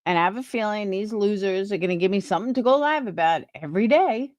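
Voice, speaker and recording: A woman's voice: mid-range voice, fast talker, no room sound. A woman live streamer chatting casually with her viewers, opinionated and rambling, restarting her sentences.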